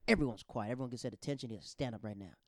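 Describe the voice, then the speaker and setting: Male podcast host, animated, slangy storyteller, medium pitch, dry sound. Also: rapid-fire, dry recording. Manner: animated, slangy, acts out the quotes. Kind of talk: casual storytelling.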